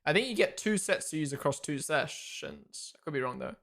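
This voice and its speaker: On a live race watchalong, a man with a voice on the high side talks a little fast. He's chatty and excitable, reacting to the race, reading the chat to his viewers, and thanking followers.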